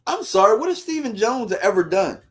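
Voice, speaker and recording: A man's voice: sits high, sing-song, brisk, a bit bright. A man hosting a fan livestream, ranting heatedly in slangy casual talk and reading out viewer comments.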